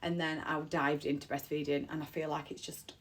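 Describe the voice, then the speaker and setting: Close to tears, a woman recounts something personal about being a mother of three, her low voice moving little in pitch and running a bit fast. Her telling is heartfelt and rambling, and she keeps repeating herself.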